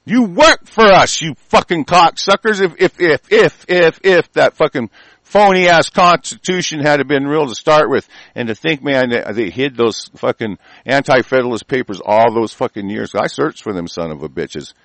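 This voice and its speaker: A man's voice: medium pitch, normal speed, no room sound, rough recording. A man delivering an angry, profane rant, cursing constantly and stammering over repeated words. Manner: shouting, cursing, stammering repetitions. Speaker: ranting commentator.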